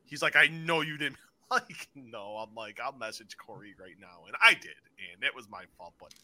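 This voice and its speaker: A man hosting a casual wrestling review podcast, excitable and swearing freely as he acts out his stories. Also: medium pitch, moderate pace. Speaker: podcast host.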